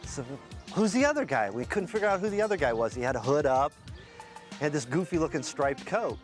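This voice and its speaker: Male detective recounting, halting. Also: a little high, lively intonation, soft background music. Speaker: police officer. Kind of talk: interview recollection.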